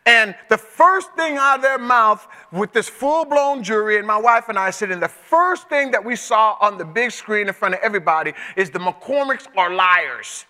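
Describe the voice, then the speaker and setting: A male pastor preaching a sermon in a conversational storytelling way that climbs to emotional shouts. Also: high-pitched, expressive, moderate pace, hardly any pauses. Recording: echoey hall with long reverb.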